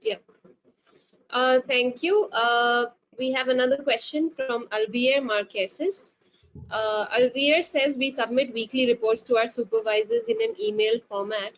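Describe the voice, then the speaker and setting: A woman's voice: sits high, expressive, a little slow. A woman hosting a webinar, reading out audience questions politely with many fillers and repeated words. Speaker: webinar host. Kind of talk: moderating webinar Q&A. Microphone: video call. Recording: lo-fi web call with faint hiss.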